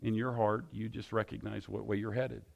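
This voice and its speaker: Gravelly-voiced preacher man. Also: lowish voice, level tone, moderate pace, dull audio. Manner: repetitive, emphatic questioning. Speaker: pastor. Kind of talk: sermon.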